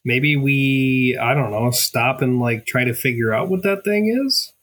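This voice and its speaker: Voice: medium pitch, unhurried, a bit bright. A player in a tabletop game, talking casually and hesitantly, with many fillers.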